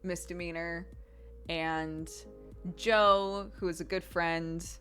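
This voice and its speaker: Woman streamer, 30s, lower-pitched, easygoing chatter with frequent laughs. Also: takes it slowly, faint music behind. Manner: relaxed and chatty, laughs often. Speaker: streamer answering chat. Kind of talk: casual chat.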